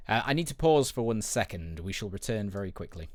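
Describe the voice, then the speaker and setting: A man's voice: fairly low pitch, big pitch swings, fairly quick, darkish tone, dry recording. A man co-hosting a podcast, chatting casually and reading game text aloud, with a dry, wordy, self-mocking manner. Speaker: podcast co-host. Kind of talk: casual chat over a game playthrough.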